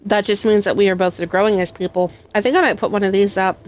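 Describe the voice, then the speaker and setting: A woman's voice: mid-range voice, steady tone, fast. A young adult woman streaming a game, talking in a heartfelt, emotional and rambling way with many fillers. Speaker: gaming streamer. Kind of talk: casual chat while playing. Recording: faint music in background.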